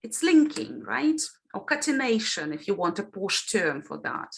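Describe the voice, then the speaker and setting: A woman's voice: mid-range voice, very animated, a little slow, vocal fry. A woman teaching an online phonology lesson over a video call. She explains patiently and keeps checking in with her students. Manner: explains patiently, often checks in with "yeah?" and "right?". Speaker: teacher trainer.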